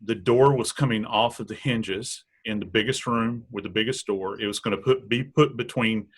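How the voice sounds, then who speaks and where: A man's voice: lowish voice, moderate pace, slightly rough. Blunt, emphatic man guesting on a true crime show. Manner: blunt and emphatic, building points through repetition. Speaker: death investigator guest.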